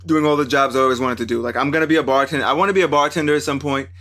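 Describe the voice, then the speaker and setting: A man hosting a podcast, chatting casually and laid-back, with profanity and quick reactions. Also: mid-range voice, a bit bright. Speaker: podcast host. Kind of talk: casual chat.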